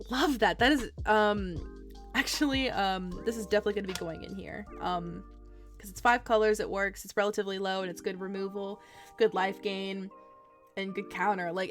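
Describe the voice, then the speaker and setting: Young female streamer, casual and bubbly, gushes and giggles through fillers, soft music bed. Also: mid-range voice. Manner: gushing and giggly, rambling with fillers. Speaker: streamer reviewing trading cards. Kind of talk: casual chat.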